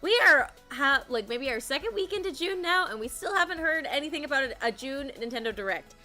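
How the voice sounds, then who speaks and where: A young woman streaming live, her voice high and bright even through a slight hoarseness that makes it crack now and then. She chats bubbly and giggly with her viewers, with faint music playing under her. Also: fairly quick. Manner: bubbly, giggly, greets chat excitedly. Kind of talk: casual live-stream chat.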